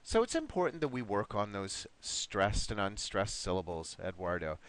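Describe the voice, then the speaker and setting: A man leads a live online class, his voice rising and falling in a lively, animated way. He speaks encouragingly, calls on students by name, and slows down to model words clearly. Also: fairly low pitch. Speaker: online English teacher.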